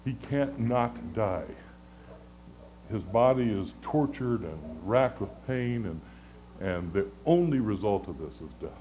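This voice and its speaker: A man preaching a sermon in a conversational, earnest way, often stammering and restarting, moving between loud pleading and hushed lows. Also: lively intonation, slow pace, slight background noise, rough recording. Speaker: pastor.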